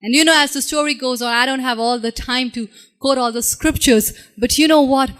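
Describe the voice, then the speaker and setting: A woman's voice: normal speed, fairly bright tone. A woman preaching a sermon, with rhetorical questions to her listeners and dramatic voicing of the people she quotes. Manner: dramatic, acts out quoted voices with sudden pitch swings; repetitive rhetorical questions to the congregation.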